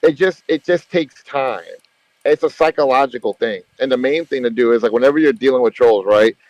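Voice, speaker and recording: An emphatic man holds forth in a casual group voice chat, circling back over his points and swearing as he goes. His voice sits at an ordinary middle pitch, and the sound is dry and close. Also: fairly quick, a little mellow, dry recording, dull audio. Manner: emphatic, rambling, repeats himself, swears freely. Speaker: gaming channel host. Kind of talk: casual group voice chat about a mobile strategy game.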